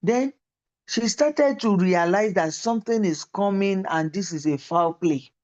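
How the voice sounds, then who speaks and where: A woman's voice: medium pitch, a little slow, darkish tone, lo-fi sound. A woman lecturer giving a university lecture and teaching through personal stories.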